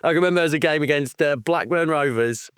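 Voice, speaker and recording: A man co-hosting a podcast, telling stories in a lively way and laughing often. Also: fairly high pitch, fast talker, clean tone, dry recording, studio quality. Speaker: podcast co-host. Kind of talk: casual chat.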